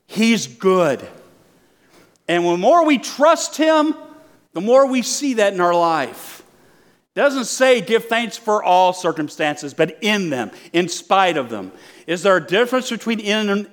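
Older pastor guy with a high voice, preaching hard, lots of questions at the crowd. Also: expressive, unhurried, fairly bright tone. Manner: emphatic preaching with rhetorical questions and acted-out prayers. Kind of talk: sermon.

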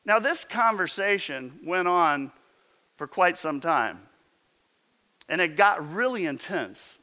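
High, bright-voiced preaching man. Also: lively intonation, slow. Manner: storytelling, emphatic, rhetorical questions. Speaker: pastor. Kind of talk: sermon.

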